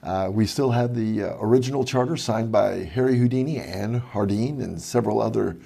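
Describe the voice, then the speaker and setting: Gravelly older man, low and husky. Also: mellow. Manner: storytelling, many "uh" pauses, chuckles. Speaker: podcast co-host, magic club president. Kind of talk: casual chat.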